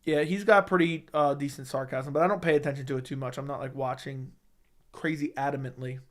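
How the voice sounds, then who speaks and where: A young man hosting a casual livestream, reading viewer comments in a laid-back, low-key way and swearing casually. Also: steady tone, brisk. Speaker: livestream host reading chat.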